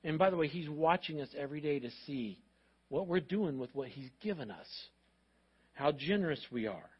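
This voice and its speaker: A man preaching a sermon to his congregation. He talks in a lively, animated way and acts out voices of parents and of God. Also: on the high side, moderate pace, slightly rough, lo-fi sound. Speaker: pastor.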